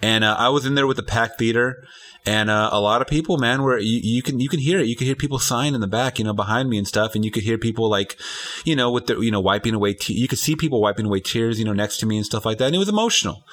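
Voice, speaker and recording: A man's voice: mid-range voice, fast talker, fairly bright tone. A man co-hosting a casual film review podcast, rambling with restarts and casual swearing. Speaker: podcast co-host, movie reviewer. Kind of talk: casual chat.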